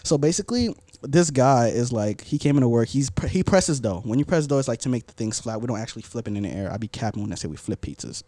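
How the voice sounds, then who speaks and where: Young man, mellow and dry, loose rambling storyteller in casual chat. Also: medium pitch, animated, quick pace, hardly any pauses, no echo. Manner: rambling storytelling with many fillers. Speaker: podcast storyteller.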